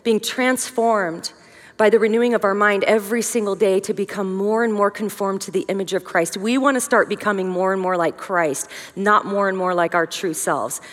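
A middle-aged woman giving a conversational, humorous teaching talk to a women's gathering, with lively emphasis and joking asides. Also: medium pitch, normal speed, in a large hall. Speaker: women's conference speaker.

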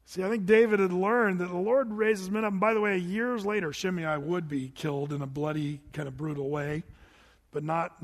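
High-voiced preacher in a reverberant hall. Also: male voice. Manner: animated storytelling, swings between loud and hushed; humorous asides. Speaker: pastor. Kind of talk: sermon.

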